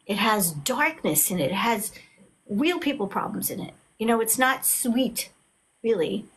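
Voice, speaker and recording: A middle-aged woman chats as an author guest, her voice sitting a bit high. She tells her stories with animated, acted-out quotes. Faint background noise sits under the recording. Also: a little slow. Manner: animated storyteller, acts out quotes. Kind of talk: casual video chat.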